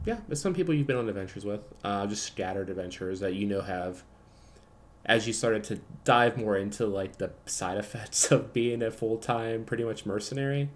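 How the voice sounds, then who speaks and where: Gravelly-voiced man running a game. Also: lowish voice, darkish tone, slight background noise. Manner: casual, lots of ums and likes. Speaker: game master. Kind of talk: narrating a tabletop game.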